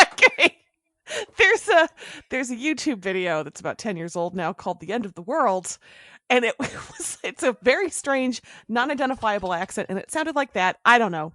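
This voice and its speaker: A woman chatting through a TV recap podcast with a lively, swooping voice, often breaking into laughs and quoting lines from the show. Her pitch sits mid-range, and the close mic sounds dry, with no room around her. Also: no room sound. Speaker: podcast co-host. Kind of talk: casual TV recap chat.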